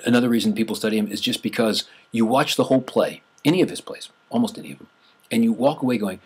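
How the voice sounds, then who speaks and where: A man's voice: medium pitch, fast, husky. A man teaching a class in a conversational lecture, restarting phrases and stressing numbers.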